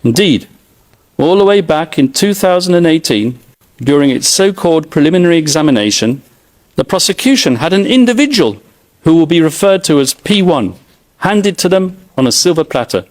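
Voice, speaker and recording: A man's voice: on the high side, very animated, moderate pace. A middle-aged man giving a formal, emphatic courtroom opening statement as defence counsel, with pointed sarcasm.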